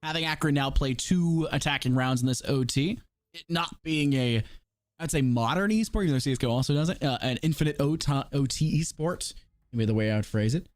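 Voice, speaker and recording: Quick teasing male esports caster. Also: a little high, dry recording, clean studio sound. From American South. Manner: quick and teasing, joking between plays. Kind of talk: play-by-play commentary.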